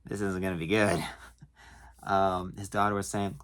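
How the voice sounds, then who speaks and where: Deep-voiced man telling work stories. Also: normal speed, pauses often, a bit bright. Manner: chuckling, hesitant with many fillers. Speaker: storage facility worker. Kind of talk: casual storytelling to camera.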